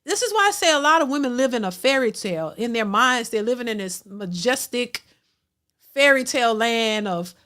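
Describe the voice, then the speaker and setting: A woman's voice: lively intonation, normal speed, pushed and bright. A woman hosting a reaction stream, reading out super chats and commenting casually, with frequent fillers and repeated words. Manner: repeats words, many fillers, rises high when emphatic. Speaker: reaction channel host.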